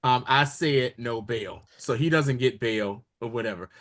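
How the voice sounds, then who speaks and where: Here the same kind of podcast co-host has a mid-range voice and keeps a measured pace. He animatedly recaps a TV episode in casual conversation, voicing the characters' lines along the way.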